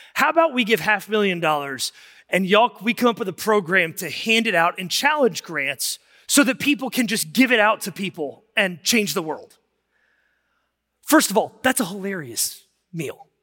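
A man preaching a sermon as pastor, telling stories in an animated way that rises to shouts of emphasis. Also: high-pitched, long reverb tail. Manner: animated storytelling, rising to shouts.

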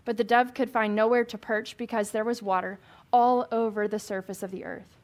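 A woman's voice: fairly high pitch, fairly even intonation, normal speed. A woman leading a Bible study for a small group, reading scripture aloud and chatting with questions to the room.

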